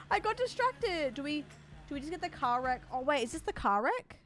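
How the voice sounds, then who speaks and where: A woman's voice: high-pitched, animated, a little fast, a bit bright. Chatty woman streaming a game. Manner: chatty, self-mocking, swears casually. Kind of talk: casual gameplay commentary.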